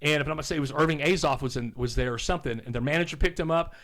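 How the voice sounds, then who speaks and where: A man in his fifties from Oklahoma, a podcast guest telling rambling stories in a casual, animated way and swearing now and then. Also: fairly high pitch, rapid-fire. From Oklahoma, USA. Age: 50s. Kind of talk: casual storytelling.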